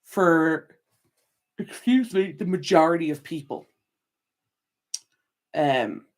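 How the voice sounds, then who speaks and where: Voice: medium pitch, takes it slowly. Chatty, laughing livestream host. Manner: chatty and rambling, frequent laughter and self-corrections. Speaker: channel host. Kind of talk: casual livestream chat, reading viewer comments.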